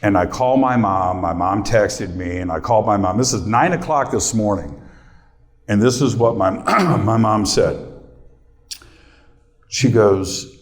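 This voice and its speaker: In a voice on the low side with lively intonation and a slightly slow delivery, a middle-aged male host addresses a live room. He speaks personally and casually, bantering with the audience while fighting back tears.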